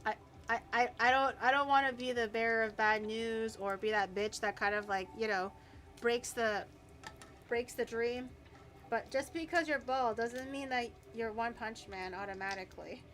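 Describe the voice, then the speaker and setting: A woman vtuber chats casually with her viewers while cooking in her home kitchen, swearing often and stuttering through repeated words. Her voice sits a little high, with a fairly bright tone and a moderate pace, over slight background noise.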